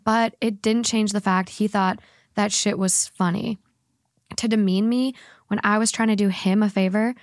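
Podcast host, animated and laughing. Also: female voice, medium pitch, no echo, studio quality. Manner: animated, laughs often, reads quickly. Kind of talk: casual podcast chat, reading a story aloud.

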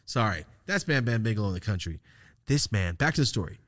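A podcast host tells a rambling, profane story in casual conversation, acting out the lines of the people involved. His lowish voice is sing-song and quick, recorded cleanly in a studio with no room sound.

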